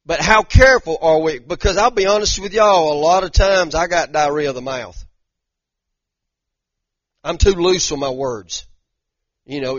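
An older pastor leads a conversational sermon, folksy and animated, often building to emphatic bursts. His voice sits a little high for a man. The sound is dry and close, and a bit dull and muffled. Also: no room sound. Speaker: pastor teaching a Bible study.

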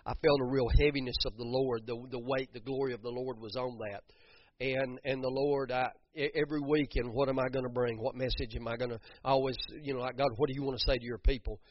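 A man's voice: medium pitch, fairly even intonation, a little fast, no echo, dull audio. A middle-aged man preaching a sermon, fervent, repeating phrases for emphasis and restarting his sentences often. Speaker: pastor.

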